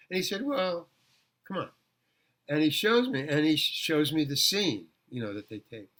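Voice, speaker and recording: An older man, a guest actor, casually telling rambling anecdotes in an interview, with halting restarts and repeated words. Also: a little high, sing-song, fairly bright tone.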